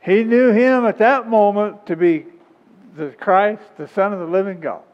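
High-voiced man preaching in a hall. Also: steady tone, measured pace. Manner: emphatic, rising to high pitch on key points. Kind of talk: sermon with scripture reading. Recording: dull sound with long hall reverb.

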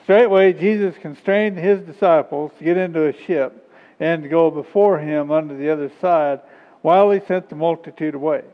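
High-voiced man preaching in a hall. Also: moderate pace. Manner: emphatic, rising to high pitch on key points. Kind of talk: sermon with scripture reading. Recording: dull sound with long hall reverb.

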